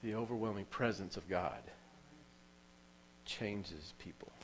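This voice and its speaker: Male pastor, lowish voice, emotional storytelling sermon delivery with emphatic repetition. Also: slow, a little hiss or hum, poor audio. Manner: emotional storytelling preacher, repeats phrases for emphasis. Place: church.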